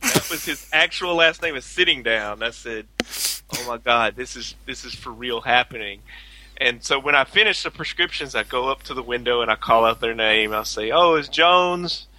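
Lively male guest storyteller, bright and punchy, fond of mimicking people. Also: medium pitch, normal speed, no room sound, rough recording. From Louisiana. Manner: animated, laughs often, acts out quotes. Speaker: guest, pharmacy worker. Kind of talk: casual podcast chat, storytelling.

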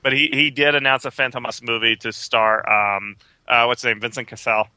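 A man's voice: medium pitch, level tone, brisk, sharp tone, clean tone, dry recording. A man co-hosting a casual film podcast, sharing film trivia and news. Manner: informative, film-trivia heavy. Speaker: podcast co-host.

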